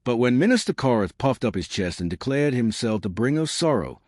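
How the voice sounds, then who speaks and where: A man narrating a science fiction story in a plain, even storytelling manner. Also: medium pitch, brisk, no room sound, studio quality.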